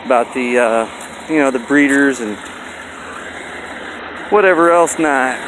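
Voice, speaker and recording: A man's voice: medium pitch, measured pace, noisy background. A man vlogging outdoors by a busy road, in a rambling, folksy way with lots of fillers. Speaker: dog breeder vlogger. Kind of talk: casual walking vlog.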